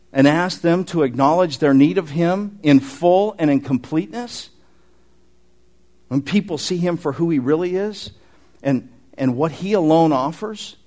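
Animated male preacher, lively pitch. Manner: animated, conversational preaching with asides to the congregation. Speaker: pastor. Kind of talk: sermon.

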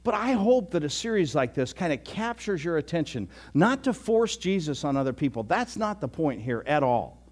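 Folksy older pastor chuckling through a sermon. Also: male voice, on the high side, sing-song, moderate pace, hardly any pauses, darkish tone. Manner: folksy, repeats and restarts, chuckling often. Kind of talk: conversational sermon.

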